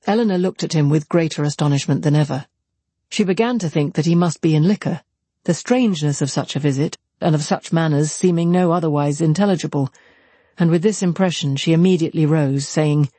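A man narrating a classic novel in an even, measured reading. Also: on the high side, slightly rough, no echo. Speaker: audiobook narrator.

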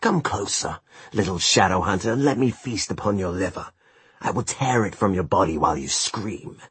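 Guy putting on a hissy bratty little demon, kinda husky, dry close sound. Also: sits low, expressive, normal speed, a bit bright, no echo, full character voice. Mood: enraged. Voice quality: hissing, petulant. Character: small malicious blue demon, sulky and bloodthirsty.

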